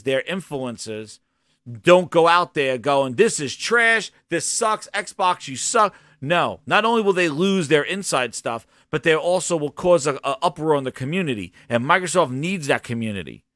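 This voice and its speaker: A man's voice: on the high side, a bit bright, dry recording, clean studio sound. A man hosting a gaming podcast, delivering a heated, profane rant with mocking impressions. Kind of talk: ranting solo commentary.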